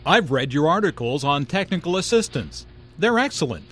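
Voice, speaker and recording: A man reading a courteous adult in a scripted dialogue for English learners, with clear conversational delivery. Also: a little high, sing-song, normal speed, fairly bright tone, soft background music, exaggerated voice.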